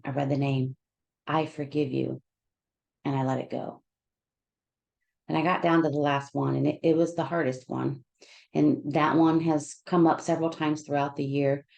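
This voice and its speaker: A female counselor shares a personal story with her listeners, speaking from the heart in a halting way with many restarts, emotional and close to tears. Her voice sits low, with vocal fry and a slightly mellow quality.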